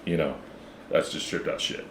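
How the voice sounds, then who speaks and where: A man's voice: moderate pace, fairly bright tone. A middle-aged man with a Texan accent, co-hosting a podcast in laid-back, profane casual chat. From Texas. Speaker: podcast co-host. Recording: echoey room with faint noise.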